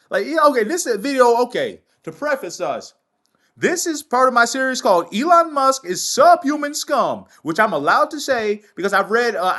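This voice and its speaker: Man, commentary host, loud, profane ranting, high bright voice, very lively pitch. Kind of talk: angry commentary, reading articles aloud.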